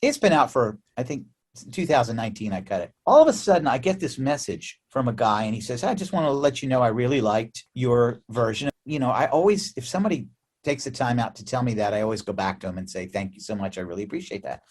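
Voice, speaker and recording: An American man, a musician guest in a remote interview, telling stories in a lively, chatty way with frequent laughs and restarts. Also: mid-range voice, quick pace. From United States. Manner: animated storyteller, laughs often, many restarts. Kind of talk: casual interview chat.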